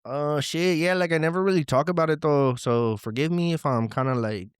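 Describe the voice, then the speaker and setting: Man as young slangy caller, high, rambly, fast. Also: clear, resonant tone, no room sound, clean studio sound, natural voice. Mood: rambling. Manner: slangy, rambling, full of fillers. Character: young slangy male caller, living at home, unsure.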